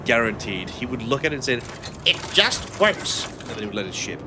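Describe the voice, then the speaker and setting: A man's voice: mid-range voice, quick pace, background noise. A man whose first language is not English, with a mixed, upper-class English-sounding accent, chatting dryly and swearing while streaming a game and reading chat. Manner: dry, jokey, swearing often.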